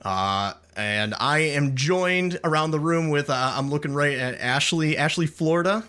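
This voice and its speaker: A man hosting a casual podcast chat, upbeat and halting, with many restarts. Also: on the high side, bright, forceful tone, clean tone. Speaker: podcast host.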